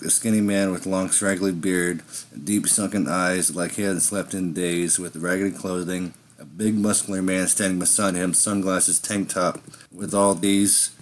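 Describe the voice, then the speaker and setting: Deep-voiced man rambling through a story. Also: a little hiss or hum. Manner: rambling, with slips and restarts. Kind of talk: improvised first-person storytelling.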